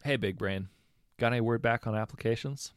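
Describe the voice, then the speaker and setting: A man's voice: mid-range voice, fairly quick, clean tone, no echo, studio quality, natural voice. A man voicing a friendly young man who teases with exaggerated politeness. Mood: teasing.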